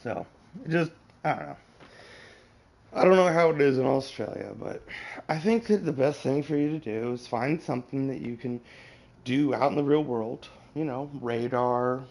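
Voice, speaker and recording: Streamer: gravelly guy, rambling, swears a lot, loose casual chat. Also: medium pitch, normal speed, a little mellow. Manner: profane, rambling, advice-giving. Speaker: game streamer.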